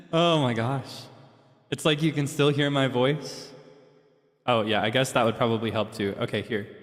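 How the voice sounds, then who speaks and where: A man chatting casually on a livestream, playful and repeating himself in quick bursts. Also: mid-range voice, steady tone, no echo, clean studio sound. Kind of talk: casual stream chat.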